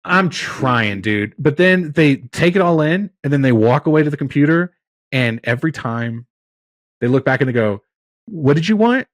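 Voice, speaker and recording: A man's voice: mid-range voice, animated, moderate pace, dry recording. A man hosting a podcast, telling long stories in a rambling, exasperated way during casual chat. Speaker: podcast host.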